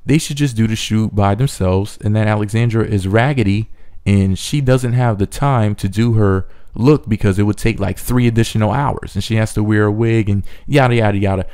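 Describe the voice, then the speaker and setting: A man's voice: on the low side, mellow. A man recapping a reality TV episode with sarcastic, mocking asides. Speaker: recap commentator. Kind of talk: snarky TV recap commentary.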